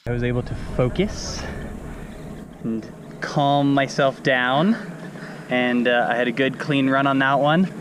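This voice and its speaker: A man talking casually to the camera at an outdoor race venue, mid-pitched and joking at his own expense. He chats loosely and laughs at himself between runs. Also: unhurried, long pauses, noisy background. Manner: self-deprecating, chatty, laughing at himself. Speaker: enduro mountain bike racer. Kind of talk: casual vlog commentary.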